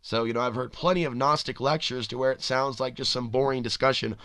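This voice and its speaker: A man's voice: medium pitch, fairly even intonation, a little fast, bright, forceful tone, no room sound. A man hosting a podcast, talking in a rambling, speculative monologue full of "you know" and restarts. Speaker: podcast host. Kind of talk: spoken monologue.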